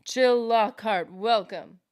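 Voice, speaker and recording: A woman's voice: a little high, slow, clear, resonant tone, no room sound, clean studio sound. A woman streaming a game, chatting casually with viewers in a rambling way, full of fillers, and reading out chat comments.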